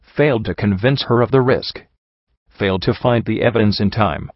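Low male voice reading a dark story, dull lo-fi sound, dry. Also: moderate pace, no room sound. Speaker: audiobook reader. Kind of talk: first-person story narration. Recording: dull lo-fi recording.

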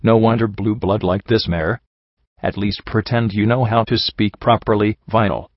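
A prim, proper young mare cellist, fussy and formal in every phrase, as a man reading the story puts her on. Her voice sits low and a touch deeper than the narration. The sound is dull and dry, as if from a home setup. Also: steady tone, moderate pace, no echo, close to an everyday voice. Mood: prim scolding.

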